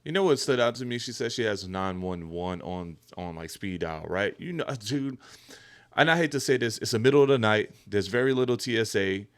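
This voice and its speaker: A middle-aged male host chats casually, his voice low for a man. He reacts with animated, loosely phrased comments and often jumps up in pitch and loudness. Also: fairly quick, clean tone. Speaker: podcast host. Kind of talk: casual chat.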